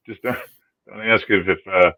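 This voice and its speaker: A man's voice: sits low, highs cut off. A man co-hosting a live chat show, laid-back and chatty, greeting viewers as they join. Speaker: podcast co-host.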